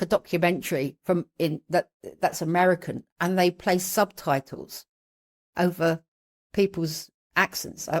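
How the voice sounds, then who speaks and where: A woman with a London accent chatting casually, often stumbling and repeating words. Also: lowish voice. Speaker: podcast regular. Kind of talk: casual group chat.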